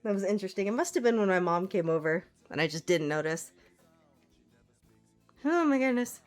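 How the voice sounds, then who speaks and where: A woman's voice: medium pitch, expressive, brisk, faint music behind. A woman artist chatting casually on a livestream from home, laughing often and talking to her cat. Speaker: artist streamer.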